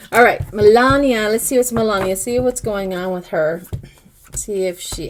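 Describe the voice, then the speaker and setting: An older woman does a casual tarot reading to camera, musing aloud as she interprets each card and chatting directly with her viewers. Her voice is mid-range, and there is background noise in the recording.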